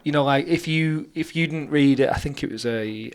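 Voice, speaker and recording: A man's voice: on the high side, normal speed. A man hosting a podcast, talking earnestly in casual chat. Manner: earnest, conversational, short affirmations.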